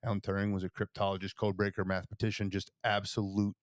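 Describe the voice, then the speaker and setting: A man's voice: on the low side, level tone, fast, no echo, studio quality. A man co-hosting a podcast, chatting and explaining history at length, often checking in with "right?". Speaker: podcast co-host. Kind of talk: casual chat.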